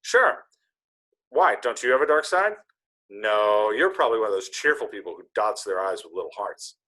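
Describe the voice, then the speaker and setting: Man reading a dry cynical young man, husky and tight, casual script read. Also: fairly low pitch, big pitch swings, normal speed, sharp tone, full character voice, poor audio. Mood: gloomy.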